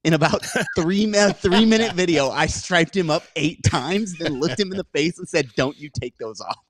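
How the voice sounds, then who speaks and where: A man's voice: high-pitched, normal speed, dry recording, clean studio sound. A man co-hosting a casual podcast who talks bluntly, swears casually, and keeps things laid-back. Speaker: podcast co-host and coach.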